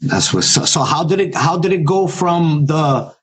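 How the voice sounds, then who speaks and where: A man's voice: a little high, expressive, moderate pace, breathy edge. A male podcast host asking short, casual questions. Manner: brief prompts and questions. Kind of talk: casual interview.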